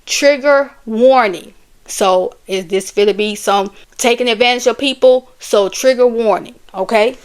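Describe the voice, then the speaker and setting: A woman retelling a book's plot in a casual, conversational way, animated, with chatty asides. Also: mid-range voice, normal speed, few pauses, smooth. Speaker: book and movie reviewer. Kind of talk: casual storytelling recap.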